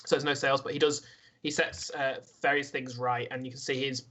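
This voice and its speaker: A man's voice: medium pitch, flat delivery, fairly quick, pushed and bright. A man narrating as dungeon master, casually describing scenes with frequent restarts. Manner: swears freely, restarts often. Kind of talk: narrating a tabletop game.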